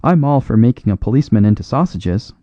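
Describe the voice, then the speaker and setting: A man's voice: medium pitch, lively intonation, fast talker, warm tone, dry recording, muffled recording, natural voice. A man voicing a wry, sarcastic socialist journalist in a storybook reading. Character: sardonic socialist journalist, dry young man.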